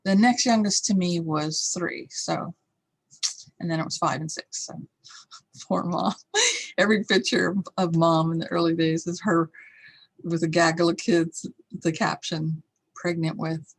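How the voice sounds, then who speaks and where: A woman's voice: fairly low pitch, steady tone, a little slow, long pauses, husky. A middle-aged woman teaching a course, telling a candid, reflective personal story and acting out the voices in it. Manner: candid, reflective, acts out yelled lines.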